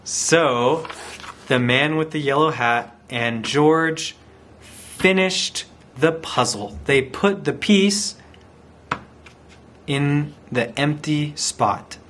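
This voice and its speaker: A man's voice: on the high side, very slow, fairly bright tone, slight background noise. A man teaching a language by reading a picture story aloud, repeating simple phrases and acting out sounds. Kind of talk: slow storytelling for language learners.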